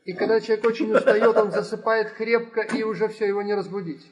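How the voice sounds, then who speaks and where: A man interpreting a talk phrase by phrase, quick and with small restarts. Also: high voice, fairly even intonation. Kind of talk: consecutive translation of a talk.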